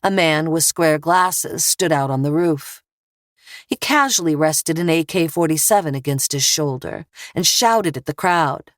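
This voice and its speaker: A woman narrating an audiobook thriller in a steady, measured read. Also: low voice, no echo, clean studio sound.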